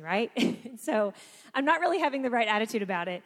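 A woman speaks to a gathered room, telling a personal story with lively energy and acting out the voices of others. Her voice sits fairly high, and it rings with a long reverb from the hall. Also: brisk. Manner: animated storyteller, acts out quotes. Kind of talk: storytelling talk to an audience.

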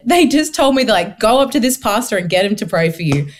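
A young woman, telling her faith story as an interview guest, earnest and animated, acting out her past thoughts. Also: mid-range voice, brisk. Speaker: guest sharing her testimony. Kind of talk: emotional personal testimony.

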